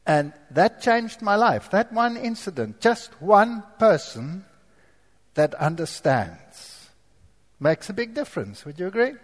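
A man giving his testimony as a sermon, telling stories in an animated way and putting rhetorical questions to the audience. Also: high-pitched, big-room sound. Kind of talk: storytelling sermon.

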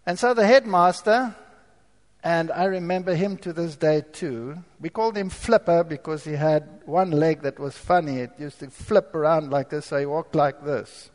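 A man preaches his own life story in a storytelling sermon, turning to the audience with rhetorical questions. His voice sits high and carries a long reverb from the hall. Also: normal speed. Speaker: preacher giving his testimony.

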